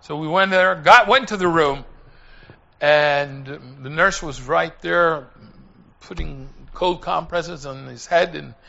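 A man preaches a sermon in a high, bright voice. He talks slowly and deliberately, pleading with his listeners. His delivery swings from hushed telling to shouting. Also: gravelly, dull audio. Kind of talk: sermon with a personal story.

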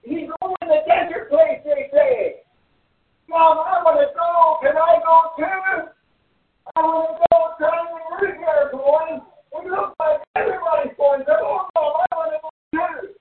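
A man's voice: extremely high pitch, fairly even intonation, unhurried, pitched above the performer's own voice. Eager little boy , as a man puts him on. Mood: eager pleading. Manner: eager, pleading, breathless. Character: excited little boy begging his mother. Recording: distant echoey phone-like sound.

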